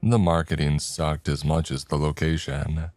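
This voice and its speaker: Very deep-voiced man narrating horror. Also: level tone, normal speed, a little mellow, a little hiss or hum. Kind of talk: scripted horror story narration.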